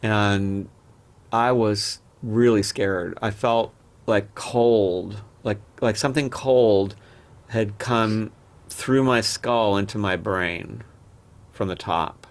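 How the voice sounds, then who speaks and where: Low-voiced man telling candid stories. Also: slow pace. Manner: candid, rambling personal anecdotes with frequent restarts. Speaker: podcast guest. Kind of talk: casual interview storytelling.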